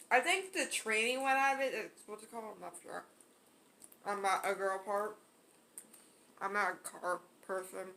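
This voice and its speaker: A woman's voice: fairly high pitch, bright, forceful tone. A young woman vlogger telling a story during a mukbang, rambling casually with many ums and likes.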